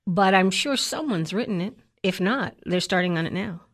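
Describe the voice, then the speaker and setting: A woman co-hosting a film review podcast, chatting in a playful way with quick asides. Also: medium pitch, animated. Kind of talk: casual chat.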